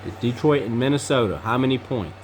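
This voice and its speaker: A woman hosting a casual family podcast, briskly calling on each person and repeating their picks back. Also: a bass voice, animated, darkish tone, slight background noise. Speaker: podcast host.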